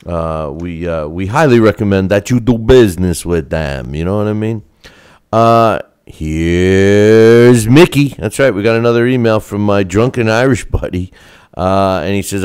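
Blunt, rambling boxing podcast host. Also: male voice, lowish voice, measured pace, a little mellow, clean tone, no room sound, studio quality. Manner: rambling, lots of uh fillers, blunt. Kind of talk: casual chat.

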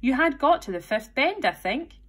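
A woman's voice: sits high, very animated, moderate pace, fairly bright tone, voice pushed up, exaggerated voice. A woman voicing a polite, eager young girl who speaks humbly and pleadingly.

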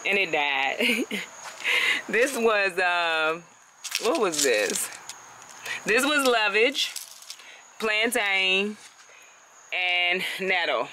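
A woman's voice: on the low side, expressive, a little slow, bright, forceful tone, slight background noise, rough recording. A woman chatting casually as she walks viewers through her backyard garden on a handheld phone, laughing often and calling them y'all. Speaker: home gardener vlogger. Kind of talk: casual garden walkthrough vlog.

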